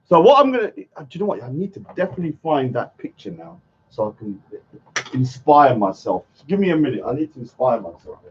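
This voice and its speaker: Man, casual livestream chat, mutters and grumbles to himself, lively bouncing pitch, muffled lo-fi audio. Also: a little hiss or hum. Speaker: livestreaming artist. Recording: dull lo-fi stream audio.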